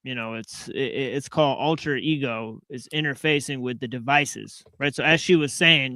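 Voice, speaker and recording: A man's voice: medium pitch, pushed and bright, no room sound. A man in a casual chat, explaining things loosely with lots of "like" and "you know.". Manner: loose, filler-heavy explaining.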